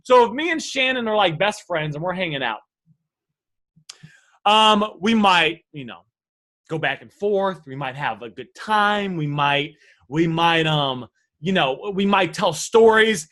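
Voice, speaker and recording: He is a male sales coach with a high, bright, forceful voice. He talks straight to his live viewers, pushing his points with emphatic energy. He keeps pulling them in with direct questions. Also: expressive, a little slow. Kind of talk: live online sales lesson.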